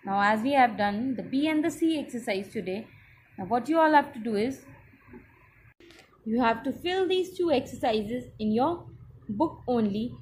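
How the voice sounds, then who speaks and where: A woman teacher with an Indian English accent, giving a slow, patient class lesson that spells out each step. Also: fairly high pitch, expressive, a little mellow, slight background noise.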